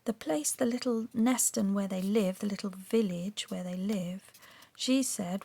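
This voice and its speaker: A middle-aged woman with a Surrey and Sussex English accent, talking softly and often half-whispering as she narrates a craft journal video and reads aloud. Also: medium pitch, a little slow, gravelly, breathy edge. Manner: soft-spoken, often drifting into a half-whisper. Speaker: craft vlogger.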